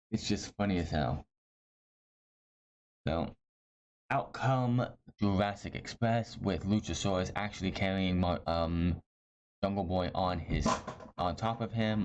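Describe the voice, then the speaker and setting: In a low-pitched, darkish voice, a man gives a casual, opinionated rundown of a wrestling show. He rambles bluntly and keeps correcting himself mid-sentence. Faint hiss runs through the slightly dull, lo-fi recording.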